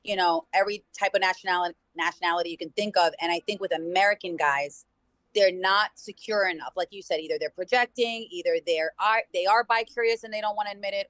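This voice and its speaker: A woman's voice: mid-range voice, a bit bright, no room sound, low-quality recording. A woman guest on a podcast, talking earnestly and at length in casual conversation. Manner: earnest, eager, rambling. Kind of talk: casual chat over a call.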